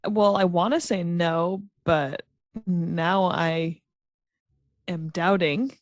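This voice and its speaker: A woman's voice: fairly low pitch, fairly even intonation, drawn-out words, no echo, highs cut off. A woman co-host chatting casually, thinking aloud and hesitating as she talks. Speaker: podcast co-host. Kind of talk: casual chat.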